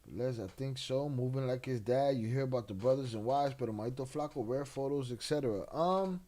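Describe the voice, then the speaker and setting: A man hosting a casual late-night livestream, laid-back and slang-heavy, reading chat and giving shout-outs. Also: medium pitch, fairly quick, hardly any pauses. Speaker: livestream host.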